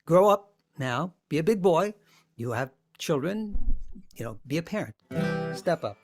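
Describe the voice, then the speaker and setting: A man's voice: on the high side, expressive, unhurried, soft background music. An older man quoting a bossy, teasing wife. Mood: scolding. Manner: scolding, mock-stern. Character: bossy wife, adult woman, brisk and teasing.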